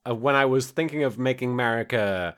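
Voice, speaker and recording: A man's voice: medium pitch, brisk, fairly bright tone, smooth. A man in his thirties hosting a casual podcast, telling stories with lots of fillers and restarts. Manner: rambling, filler-heavy storytelling. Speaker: podcast host and abridged-series creator.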